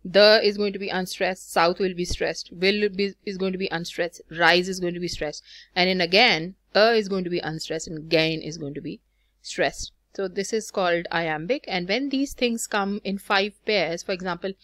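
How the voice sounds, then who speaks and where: A woman's voice: on the low side, moderate pace, a bit bright, no room sound, clean studio sound. A woman teaching a recorded lesson on poetic meter, explaining step by step, counting through examples with frequent fillers. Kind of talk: recorded lecture on poetry.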